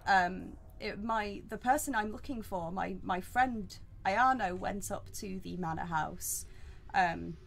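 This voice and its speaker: A woman's voice: mid-range voice, slow, vocal fry, hardly any pauses, a little hiss or hum. A woman voicing an earnest male villager who politely and hesitantly pleads for help finding his friend in a tabletop game.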